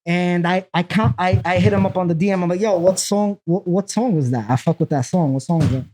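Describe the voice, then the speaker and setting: A man from Brooklyn, a podcast guest chatting casually, slangy and quick to chime in. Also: high voice, background noise. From Brooklyn, New York. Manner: slangy, chimes in with short agreements. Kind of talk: casual chat.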